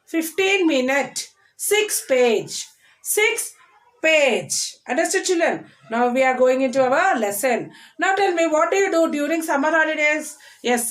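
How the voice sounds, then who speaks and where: High-voiced Indian woman teaching children. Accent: Indian English. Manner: slow, emphatic repetition of words for children; frequent checks like "yes, children". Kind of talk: recorded online class lesson.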